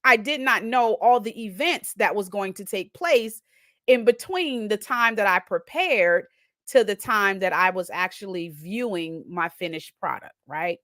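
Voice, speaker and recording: Animated woman telling a personal story. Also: mid-range voice, unhurried, no echo, clean studio sound. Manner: animated, acts out her own inner thoughts; frequently adds "right?" tags. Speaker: host.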